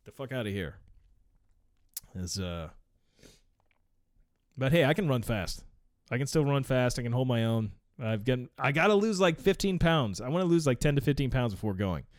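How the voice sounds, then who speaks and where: Smooth-voiced man reading and riffing, profane. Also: medium pitch, big pitch swings, moderate pace, dry recording, clean studio sound. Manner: profane, laughing asides, rambling. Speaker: vlogger reading an article aloud. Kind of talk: casual reading with commentary.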